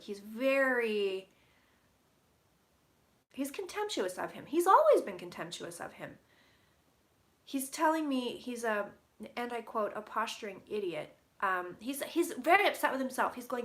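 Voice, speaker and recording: A woman giving a casual psychic reading, relaying what she hears in quick quotes and swearing casually. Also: medium pitch, a bit bright. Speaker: psychic reader. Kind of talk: casual intuitive reading to camera.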